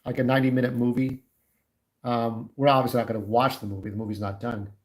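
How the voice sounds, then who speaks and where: A man's voice: mid-range voice, level tone, fast talker, a little mellow, rough recording. A man in his forties chatting casually on a livestream, candid and opinionated, talking straight to his viewers. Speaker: YouTube livestreamer.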